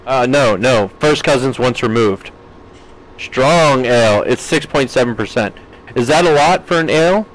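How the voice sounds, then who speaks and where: A man's voice: mid-range voice, low-quality recording. Chatty man streaming a farming game. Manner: chatty, reads out and answers chat, laughs often. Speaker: gaming streamer. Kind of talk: casual live-stream chat.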